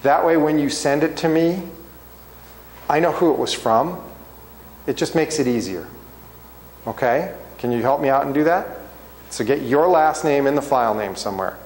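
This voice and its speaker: A man's voice: a little high, moderate pace, long pauses, darkish tone, long reverb tail, rough recording. A man teaching a class, walking students through steps in a casual classroom manner and often checking in with "okay?". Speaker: accounting instructor. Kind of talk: classroom walkthrough.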